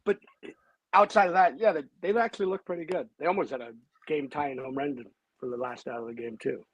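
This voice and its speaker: A man co-hosting a casual sports chat, giving quick offhand opinions. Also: fairly high pitch, breathy edge, no echo, low-quality recording. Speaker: co-host.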